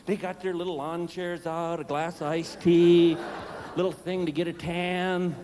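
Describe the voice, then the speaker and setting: A middle-aged man doing stand-up comedy, telling animated stories with panicked shrieks and gruff character voices. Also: fairly high pitch, unhurried. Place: large theater with a live audience. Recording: live stage recording with long reverb and audience noise.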